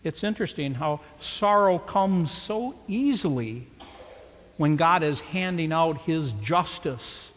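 A man's voice: a little high, animated, slow, in a large hall. A man preaching a sermon with dramatic rhetorical questions. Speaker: pastor.

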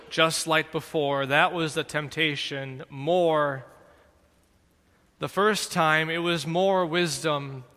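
A man giving dramatic scripted narration in a slow, deliberate, solemn manner. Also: high-pitched, sharp tone, in a large hall.

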